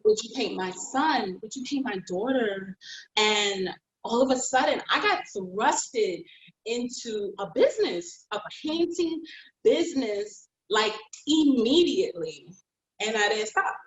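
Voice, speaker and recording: Woman, painter guest, heartfelt, expressive, laughs easily, somewhat high voice, echoey room. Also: measured pace, dull audio. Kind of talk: personal storytelling in an interview. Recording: roomy echo.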